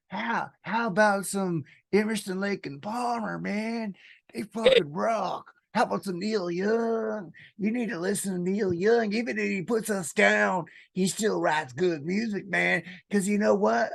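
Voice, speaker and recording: A man voicing a loud, drunk Southern redneck rock fan who swears and shouts his rants. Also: high voice, vocal fry, heavily acted. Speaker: podcast co-host.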